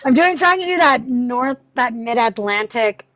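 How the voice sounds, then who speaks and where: A woman chatting on a video call, animated and rambling, often apologetic. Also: fairly high pitch, measured pace, no room sound. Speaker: table read participant. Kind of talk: casual video call chat. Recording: slightly muffled audio.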